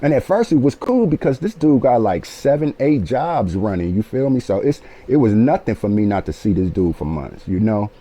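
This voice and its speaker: A man in his late forties telling a personal story in an animated, profane way, often checking in with his listeners. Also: fairly low pitch, normal speed, few pauses. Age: 40s. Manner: animated, profane, keeps asking "you feel me". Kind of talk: casual storytelling.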